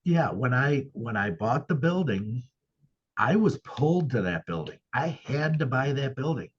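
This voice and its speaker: A man's voice: mid-range voice, sing-song, measured pace, breathy edge, dull audio. A man who owns a paranormal venue, speaking as a guest in a casual interview and telling his experiences earnestly and emphatically.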